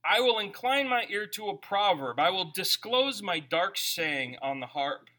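Lively, bright-voiced male preacher. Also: sits high, unhurried. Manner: animated, conversational preaching with rhetorical questions. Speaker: pastor. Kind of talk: sermon.

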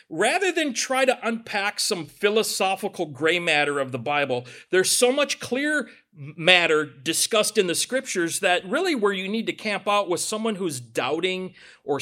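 Animated high-voiced male pastor preaching. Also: normal speed. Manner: animated, conversational preaching with asides and acted quotes. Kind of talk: sermon.

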